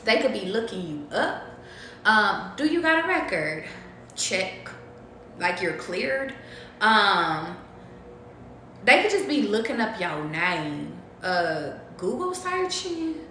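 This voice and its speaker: A woman's voice: medium pitch, big pitch swings, slow pace, bright, forceful tone, echoey room, a little hiss or hum. A young woman doing a casual live tarot reading, rambling and profane, thinking aloud with lots of ums. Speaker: tarot reader.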